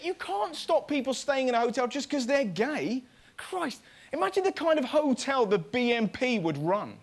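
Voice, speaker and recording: A man's voice: very high-pitched, very animated, moderate pace, slight background noise. A man hosting a topical stand-up comedy show, cheeky and mock-outraged, over studio audience laughter.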